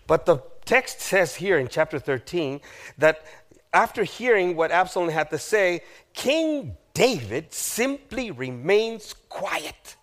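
A male pastor preaching a sermon, retelling a story with drama, asking the audience questions and dropping to a hushed voice at grave moments. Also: sits high, sing-song, slow. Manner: dramatic, acts out the figures in quoted lines, asks the audience questions.

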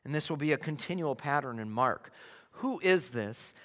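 A man preaching a sermon with a bright, forceful voice and a lively, swooping delivery. He speaks slowly and deliberately, sinking to hushed tones and then rising to emphatic declarations. The sound rings out with a long hall reverb. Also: medium pitch. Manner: animated, emphatic preaching with hushed mock whispers and sudden loud shouts.

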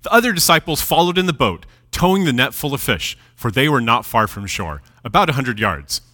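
Lively preacher in a reverberant hall. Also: male voice, mid-range voice, fairly quick. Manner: lively, animated preaching with dramatic drops in volume. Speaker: pastor. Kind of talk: sermon with scripture reading.

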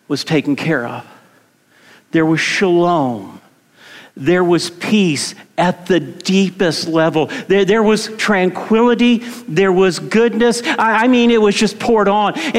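A middle-aged man preaching a sermon in a conversational way, repeating words and asking his congregation questions. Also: high voice. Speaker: pastor. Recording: long hall reverb.

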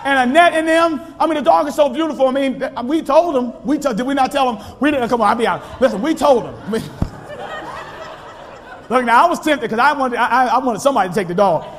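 A man preaching a sermon in a church, calling out to the congregation and swinging from shouting to quiet storytelling. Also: very high voice, animated, a little fast, slight background noise. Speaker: pastor. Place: church sanctuary. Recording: long hall reverb.

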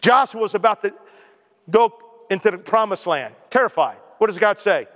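A male pastor preaching a lively sermon, acting out quoted voices and leading the congregation in responses. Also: high voice, normal speed. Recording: long hall reverb.

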